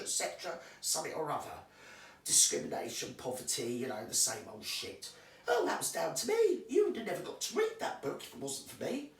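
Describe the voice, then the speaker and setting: A woman voicing a boastful, touchy male writer in a high, indignant voice. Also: echoey room, distant mic. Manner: high-pitched, huffy, bragging.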